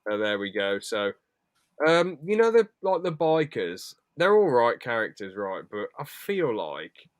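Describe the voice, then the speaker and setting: A man's voice: mid-range voice, very animated, measured pace, no room sound. A man co-hosting a podcast in casual chat, rambling with sweary, jokey asides. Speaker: podcast co-host.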